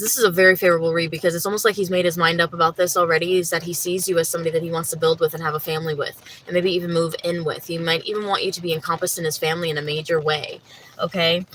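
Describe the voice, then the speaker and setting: Woman tarot reader on a livestream, bright tense voice, lowish pitch, chatty with lots of fillers, faint hiss behind. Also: rough recording. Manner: chatty, many fillers like "you know" and "like"; laughs easily, talks to viewers by name.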